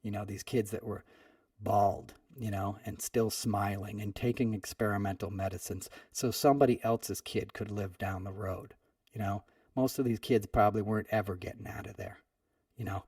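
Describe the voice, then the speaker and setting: A male podcast host tells a long personal story in a loose, conversational way, dotting his sentences with "you know" and "right?". The sound is dry and flat, and he sits a bit back from the mic. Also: on the low side, normal speed, breathy edge, dry recording, distant mic. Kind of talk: storytelling monologue.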